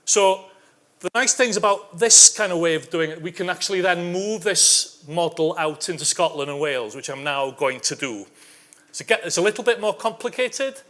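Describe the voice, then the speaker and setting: A man's voice: sits high, a bit bright. A man presenting survey data at a conference, dropping wry asides and often checking in with "okay?". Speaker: academic conference speaker.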